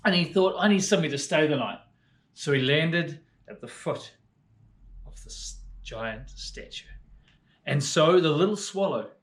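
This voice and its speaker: A man telling a story to children at church, swinging between lively and hushed delivery. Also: a little high.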